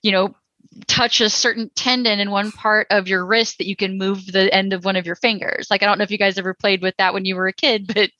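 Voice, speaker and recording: A woman from Texas co-hosting a casual podcast, her voice bright and a little sharp. She talks loosely, full of "like"s and quick jokey asides. The sound is dry and slightly dull. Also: mid-range voice, steady tone, dry recording. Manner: chatty, many "like"s and "you know"s, jokey asides. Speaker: podcast co-host.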